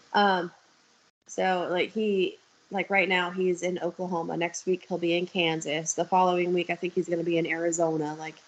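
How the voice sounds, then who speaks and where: A woman's voice: fairly low pitch, little pitch movement, moderate pace, muffled recording. Young woman chatting on a video call, blunt and swears a lot, tells long stories. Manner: candid, swearing, storytelling. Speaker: guest. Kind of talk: casual chat.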